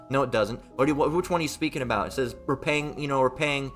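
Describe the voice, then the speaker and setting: A man's voice: medium pitch, fast talker, hardly any pauses, faint music behind. A man giving a heated Bible commentary, mocking, profane and repetitive as he reads and rants. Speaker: Bible teacher.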